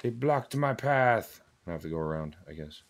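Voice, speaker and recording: A man's voice: fairly low pitch, very animated, normal speed. A male streamer giving chatty, jokey gameplay commentary while thinking aloud.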